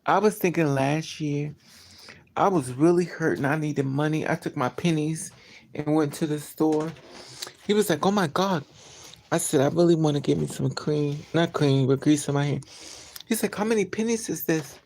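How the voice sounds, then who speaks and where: A woman's voice: low-pitched, fairly even intonation, moderate pace, creaky, darkish tone. A woman chatting casually on a live stream from her car, telling stories and quoting people in raised voices. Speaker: vlogger.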